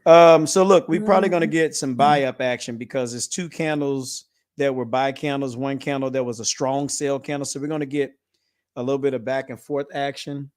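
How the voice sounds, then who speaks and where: Male streamer, host, casual and lively, joking banter. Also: mid-range voice, fairly quick. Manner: energetic, playful, joking. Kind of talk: casual live-stream chat.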